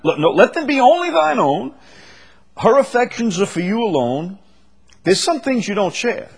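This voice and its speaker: A male pastor preaching a sermon, slow and drawn out, with bursts of emphasis. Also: very high-pitched, very animated, creaky, breathy edge.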